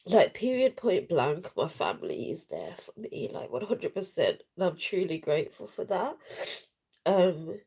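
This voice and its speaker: A woman vlogger with a lowish, husky, dark-toned voice speaks in a sing-song way, a little slowly, while crying on a casual live stream. She rambles frankly and tearfully, full of slang and swearing. She recorded it herself at home with no sound check.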